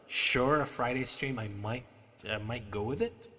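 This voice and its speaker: A man's voice: mid-range voice, moderate pace, pushed and bright, in a large hall. A male livestream host chatting casually with his viewers in a laid-back, slangy way, reading their messages aloud.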